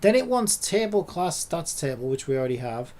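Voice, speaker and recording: A man's voice: on the high side, big pitch swings, brisk, darkish tone. A man in a casual coding vlog who swears and rants in exasperation at his screen. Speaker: hobby programmer.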